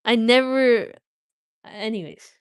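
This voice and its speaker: A woman's voice: on the high side, slow pace, clear, resonant tone, dry recording, studio quality. Young woman reading aloud on a live stream. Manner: reads with small slips and restarts, chats casually with viewers.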